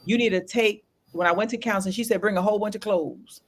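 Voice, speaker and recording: Brief: woman podcast co-host, fast, lively storyteller, acts out every line of dialogue. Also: mid-range voice. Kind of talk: casual chat.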